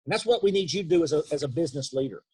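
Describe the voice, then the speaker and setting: A man with an East Texas accent giving an earnest, emphatic leadership talk on a video call, slowing down for key points. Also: fairly high pitch, expressive, darkish tone, slightly rough. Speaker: leadership speaker. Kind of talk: motivational webinar talk.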